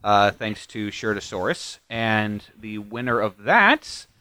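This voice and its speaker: A man's voice: lowish voice, slow, clear, resonant tone, no echo. A man hosting a casual podcast, joking with his co-hosts and reading out prize winners. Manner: relaxed, joking, reads out winners. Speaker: podcast host.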